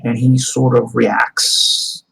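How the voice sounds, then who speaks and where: A man's voice: mid-range voice, flat delivery, extremely slow, vocal fry, a bit bright, low-quality recording. A man narrating a tabletop game as game master in a loose, restarting way.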